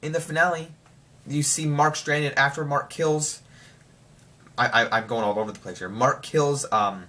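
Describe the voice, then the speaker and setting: A young man rambling excitedly through a casual spoiler review of a TV show. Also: fairly high pitch, normal speed.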